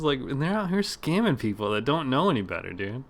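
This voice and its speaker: A man on a casual gaming podcast, telling a story in a lively way, laughing and swearing and mimicking the people he talked to. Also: medium pitch, fairly quick. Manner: animated, laughing, mimics callers, swears freely. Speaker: podcast co-host.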